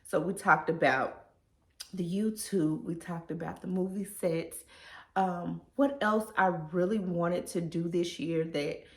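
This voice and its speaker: A woman's voice: lowish voice, steady tone, measured pace, echoey room. A woman, talking casually and emotionally in a personal vlog. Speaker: vlogger.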